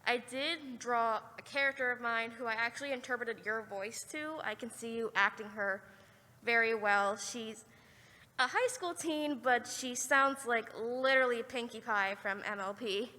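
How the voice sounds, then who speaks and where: Woman, convention audience member, giggly and chatty, slightly high bright voice, echoing hall. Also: normal speed. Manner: giggly, chatty, breaks into laughs. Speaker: fan asking a question.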